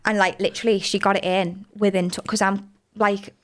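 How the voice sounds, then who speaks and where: A woman's voice: mid-range voice, level tone, brisk. A woman, a podcast guest chatting casually and acting out the voices in her birth story.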